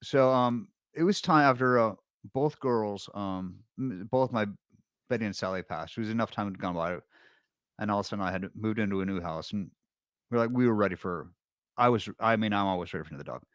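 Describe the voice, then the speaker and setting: A man's voice: lowish voice, a little fast, no echo, studio quality. A middle-aged man, a podcast guest, telling a long personal story in casual chat, rambling with restarts and fillers.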